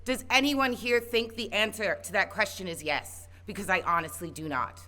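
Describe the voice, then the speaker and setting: A woman's voice: mid-range voice, normal speed, pushed and bright. A woman giving an earnest personal speech at an outdoor protest rally, building to impassioned calls. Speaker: protest speaker.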